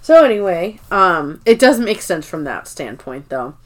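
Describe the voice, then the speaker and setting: A woman's voice: fairly low pitch, sing-song, a little slow, a crowd in the background. A woman co-hosting a podcast, casually recapping a show and rambling through scenes with swearing. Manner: rambling, swears, quotes characters. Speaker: podcast co-host.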